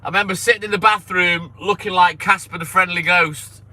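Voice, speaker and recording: A man's voice: high voice, fairly even intonation, a little fast, sharp tone. A man chatting casually and bluntly with live viewers while out on his milk round, swearing freely and joking. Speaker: livestreaming milkman. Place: outdoors on delivery rounds. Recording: clear street and vehicle noise behind.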